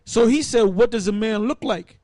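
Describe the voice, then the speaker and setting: Man, casual Bible teacher, high voice, dry recording, loose and emphatic. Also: moderate pace, mellow, no room sound. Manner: rambling, restarts, emphatic. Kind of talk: casual preaching.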